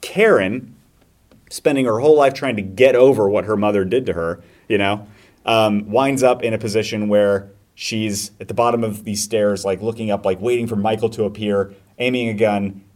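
A man in casual podcast chat, retelling a movie with animated energy and quick acted-out voices. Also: on the low side. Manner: animated storyteller acting out scenes in voices. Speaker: podcast host.

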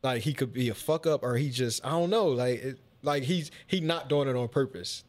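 A man chatting casually with friends, relaxed and loose, full of "like" and restarts. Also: mid-range voice, brisk. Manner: laid-back, loose, lots of "like". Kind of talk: casual chat.

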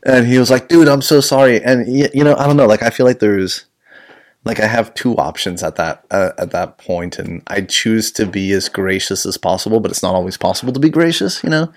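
A man's voice: on the low side, fairly quick. A man hosting a casual podcast chat as a jiu-jitsu instructor, rambling, swearing and laughing often.

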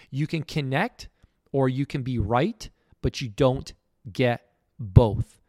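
A man's voice: on the high side, creaky, no echo, clean studio sound. A middle-aged man hosting a podcast, giving a blunt, emphatic motivational monologue. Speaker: podcast host.

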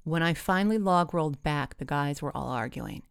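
A woman telling a comic personal story with wry, deadpan timing. Her voice is low and gravelly. The recording is close and dry. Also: moderate pace, no room sound.

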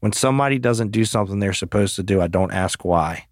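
Blunt, low-voiced male podcast host. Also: fast talker, no room sound, clean studio sound. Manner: blunt and profane, emphatic storytelling. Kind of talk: casual chat.

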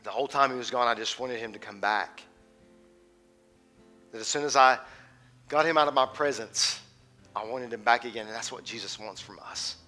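A man in his thirties preaching a sermon as a teaching pastor, swinging from loud and passionate to hushed and intimate. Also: medium pitch, moderate pace, long pauses, soft background music.

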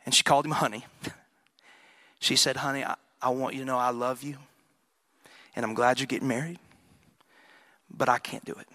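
Middle-aged male pastor, sermon delivery, forceful bright tone, dry close mic. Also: medium pitch, flat delivery, normal speed, pauses often, no echo. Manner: storytelling, building to impassioned emphasis. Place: church.

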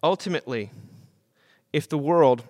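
A man's voice: fairly high pitch, moderate pace, darkish tone, no room sound, studio quality. A man giving an earnest talk on law and gospel, stressing key phrases and often restarting his sentences. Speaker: speaker on Christian theology.

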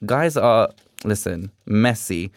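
This young podcast guest from England, a drag performer, speaks slowly in a low-leaning voice with no echo. He's animated as he shares stories casually and performs the quoted lines.

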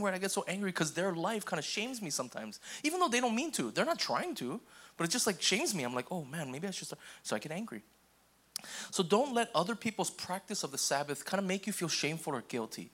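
A young man preaching a sermon in an easygoing, conversational way, often checking in with the congregation and acting out quick voices. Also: a little high, fairly bright tone. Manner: casual, repeats okay and restarts, acts out quoted voices. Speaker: pastor.

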